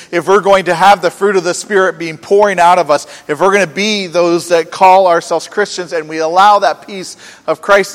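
A man preaching a sermon earnestly, asking rhetorical questions and swinging between soft and emphatic delivery. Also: fairly high pitch. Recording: long reverb from a hall.

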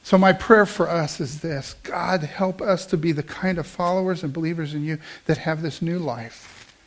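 A man preaching a sermon, telling a story and praying, dropping soft for calm quoted lines and rising when he prays. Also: on the high side, moderate pace. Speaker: pastor. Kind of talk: sermon with closing prayer.

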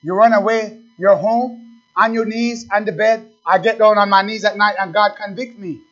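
A man preaching a sermon as pastor, swinging from shouted exhortation to hushed pleading. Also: high-pitched, fairly even intonation, moderate pace, faint music behind. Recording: dull lo-fi recording.

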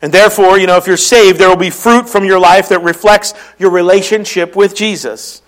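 Preaching to his congregation, a pastor with a Philadelphia accent speaks in a strikingly high voice, steady in tone and fairly quick. He reads scripture aloud earnestly and explains what each verse means for his listeners.

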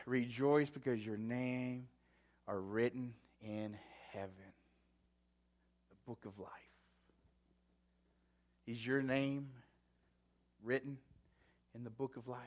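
A man preaching a sermon as pastor, repeating key words with long pauses and swinging from loud to hushed. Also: medium pitch.

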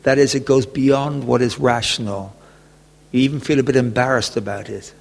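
A man preaching a sermon, telling a gentle personal story and often chuckling. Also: medium pitch, steady tone, normal speed, gravelly. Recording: long echoey reverb.

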